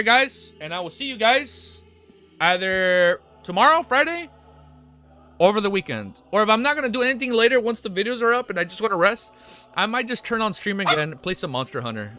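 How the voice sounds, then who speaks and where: A man's voice: high voice, animated, fairly quick, pushed and bright, soft background music. A young man streamer rambling casually through his outro from the floor at home, often breaking into playful baby talk with his dog. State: low energy.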